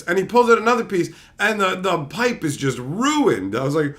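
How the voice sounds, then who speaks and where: A man with a slightly higher voice tells a rambling story, casual and full of swearing. He sounds tired from lack of sleep but stays animated, breaking into laughing asides. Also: moderate pace, hardly any pauses. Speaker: channel host.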